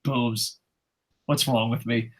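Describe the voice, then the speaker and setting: A man's voice: medium pitch, little pitch movement, slow. A man hosting a casual wrestling talk show, ranting with constant swearing and reading out viewer comments. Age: adult with a child. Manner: profane passionate ranting. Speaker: podcast host.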